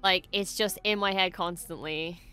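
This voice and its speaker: A young woman hosting a casual reaction video, excitable and quick to swear and gush. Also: fairly low pitch, soft background music. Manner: excitable, swears often, gushes.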